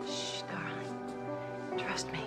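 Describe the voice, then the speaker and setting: An actress playing a middle-aged woman who holds a man captive, speaking in a soft, eerily calm and coaxing way. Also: extremely slow. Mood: soothing. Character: calm obsessive female captor-nurse, middle-aged. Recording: film clip with music behind.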